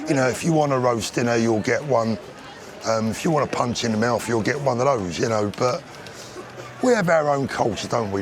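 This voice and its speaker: Chatty English man vlogging on a noisy street. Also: medium pitch. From England. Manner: jokey, rambling, chatty. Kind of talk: casual comedic vlog to camera. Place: busy street outdoors. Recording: outdoor street noise behind.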